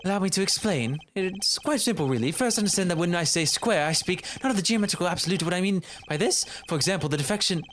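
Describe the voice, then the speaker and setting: Fan-dub casting: a man voicing a self-important know-it-all young witness, lecturing, animated delivery. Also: sits high, fast, few pauses, a little hiss or hum. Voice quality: pompous, lecturing. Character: pompous, long-winded male science student witness. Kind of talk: fan voice acting of a game.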